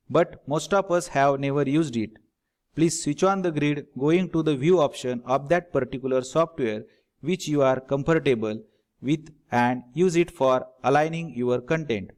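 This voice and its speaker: A middle-aged man, giving a recorded lecture over slides and speaking directly to viewers as a teacher trainer. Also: on the high side. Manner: instructive, addresses viewers directly.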